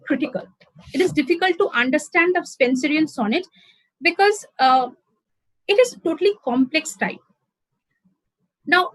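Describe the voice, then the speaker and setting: A woman's voice: very high-pitched, no room sound, poor audio. A middle-aged woman from India giving an online literature lecture over a video call, explaining step by step with fillers and self-corrections. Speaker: guest lecturer.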